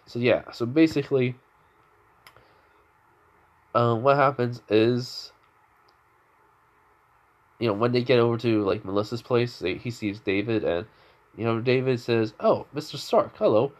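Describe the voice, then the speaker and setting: Young male storyteller, rambling and unscripted, mid-pitched voice. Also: steady tone, measured pace, long pauses. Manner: rambling, many fillers and restarts. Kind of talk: improvised fan story narration.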